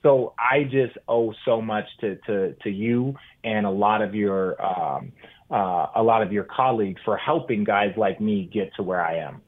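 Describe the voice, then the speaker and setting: A man in his forties, a former basketball player, telling stories as an animated podcast guest, with restarts. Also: on the low side, unhurried. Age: 40s. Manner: animated storyteller, with restarts and acted-out quotes. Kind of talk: casual storytelling chat. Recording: tinny phone-like line.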